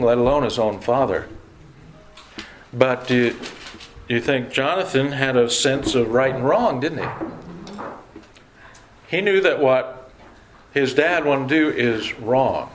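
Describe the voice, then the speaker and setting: A man's voice: mid-range voice, slight background noise. Conversational man leading a Bible class. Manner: conversational, asks the class questions. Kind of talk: leading an adult Bible study.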